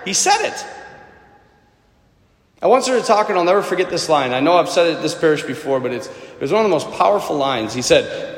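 A man's voice: expressive, normal speed, pauses often. Preacher man in an echoey hall. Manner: storytelling, swings from loud emphatic to low hushed. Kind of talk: sermon. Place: parish church.

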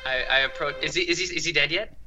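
Male co-host, slightly higher voice, animated and stumbling, music behind. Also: fast, lo-fi sound. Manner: stammers and repeats words. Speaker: podcast co-host. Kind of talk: casual chat.

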